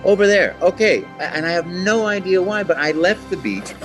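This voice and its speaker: A man's voice: high voice, moderate pace, soft background music. A man, a voice actor, telling stories in a casual interview and acting out the voices. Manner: animated, acts out voices in anecdotes. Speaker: voice actor guest.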